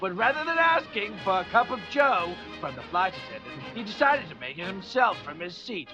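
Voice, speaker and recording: A man's voice: high voice, sing-song, moderate pace, lo-fi sound, music in the background, pitched above the performer's own voice. A man doing a brash old-timey radio newsreader. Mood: jaunty. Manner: jaunty exclaiming headline patter.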